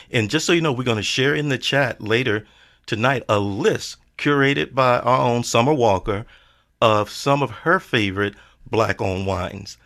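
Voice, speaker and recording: A man hosting a casual interview, relaxed and joking, who speaks to the viewers directly. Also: medium pitch, moderate pace. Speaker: show host.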